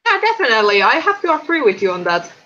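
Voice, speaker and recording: A woman's voice: a little high, very animated, quick pace, bright, forceful tone. A woman co-hosting a casual livestream, chatty and stumbling over usernames as she greets viewers. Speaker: stream co-host. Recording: dull lo-fi stream audio.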